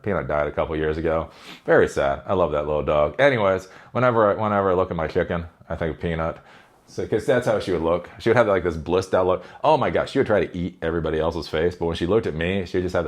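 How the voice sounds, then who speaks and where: A middle-aged man with a low voice talks loosely and off the cuff from his office. His pitch swings widely as he wanders from story to story, laughing and swearing along the way. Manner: chatty, digressive, laughs and swears often. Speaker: host. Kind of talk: casual rambling monologue.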